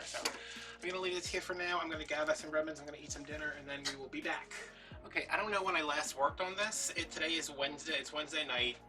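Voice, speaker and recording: A man chatting in a rambling, filler-heavy way while he works on a craft project at home. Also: a little high. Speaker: crafting YouTuber. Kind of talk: casual chat while crafting. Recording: distant mic with soft background music.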